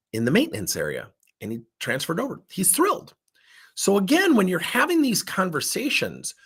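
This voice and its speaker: Animated, husky male workshop trainer. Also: on the low side. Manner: animated, acts out quoted dialogue. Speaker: workplace coaching trainer. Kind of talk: storytelling workshop talk. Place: in front of a whiteboard.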